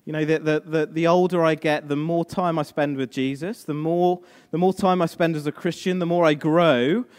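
A man preaching a sermon, moving between hushed, slow lines and rising, emphatic passages. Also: a little high, fairly even intonation.

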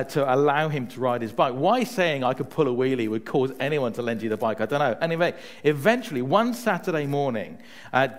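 A man preaching a conversational sermon, telling personal stories and often checking in with his listeners. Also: mid-range voice. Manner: chatty, often adds "right?" to check in with listeners; tells personal stories to make a point.

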